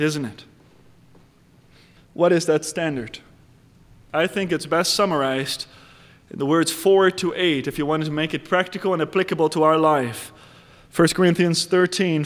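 A man preaching an evening sermon as pastor, measured and deliberate, drawing out key phrases and rising in pitch to stress them. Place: church sanctuary. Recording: long reverb of a large hall.

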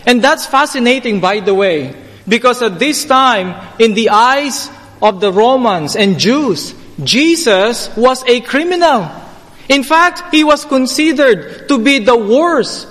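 Male preacher, high voice, unhurried emphatic sermon delivery, long hall reverb. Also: a bit bright. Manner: slow, deliberate, emphatic preaching, rising to fervent pleas.

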